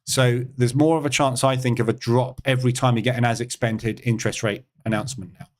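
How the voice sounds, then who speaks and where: A man's voice: mid-range voice, fairly even intonation, fairly quick. A man hosting a live trading stream, giving casual market commentary and thinking aloud with many fillers and asides.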